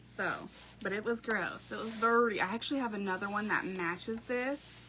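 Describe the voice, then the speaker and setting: In a casual craft live stream from home, a woman talks to her viewers, telling stories and frequently laughing. Her medium-pitched voice sounds pushed and bright at a normal speed, with slight background noise present.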